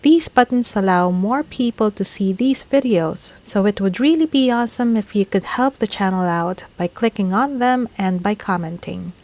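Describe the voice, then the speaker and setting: A woman's voice: mid-range voice, lively intonation, darkish tone, rough recording. A woman, teaching English pronunciation in a scripted lesson, repeating each word carefully. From Philippines. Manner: slow, deliberate, repeats each word several times. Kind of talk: scripted instructional narration.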